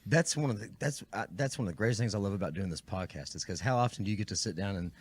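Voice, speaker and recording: A man's voice: fairly low pitch, rapid-fire, breathy edge, dry recording. A man hosting a podcast, chatting in a laid-back, earnest way. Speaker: podcast host. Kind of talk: casual chat.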